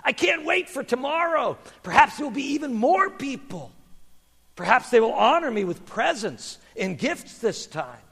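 A man voicing a proud, naive young male donkey in a told story, in a high, excited, pleading voice. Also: normal speed, creaky, husky, big-room sound, heavily acted. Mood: eager.

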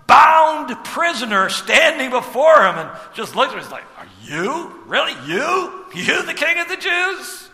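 A man preaching a sermon as pastor, animated, with rhetorical asides and sudden drops to a hush. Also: high voice, long reverb tail.

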